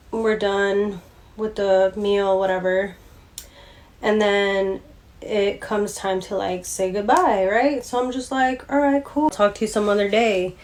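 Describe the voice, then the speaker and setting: A woman telling a story about a date in a casual, exasperated rant, mimicking the people she quotes. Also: medium pitch. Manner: exasperated, mocking quoted voices.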